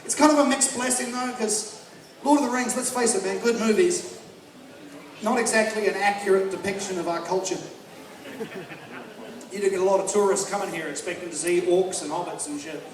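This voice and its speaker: A man's voice: sits high, fairly even intonation, a little fast, long pauses. A man doing a brash, swearing stand-up comedy set with mocking impressions. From North America. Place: live comedy venue with audience. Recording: echoey live room, crowd noise, distant mic. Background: crowd laughter.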